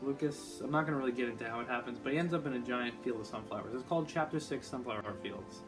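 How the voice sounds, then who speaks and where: Male vlogger, mid-pitched, excitable and rambly, music bed underneath. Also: fast talker. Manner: excitable, gushing, rambling with many fillers. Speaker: YouTuber. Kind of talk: casual gaming vlog.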